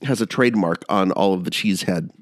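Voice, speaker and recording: A man with a fairly low voice talks on a casual podcast, recorded dry and close. He rambles and restarts, but stays animated and keen. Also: fast talker, dry recording. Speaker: podcast co-host.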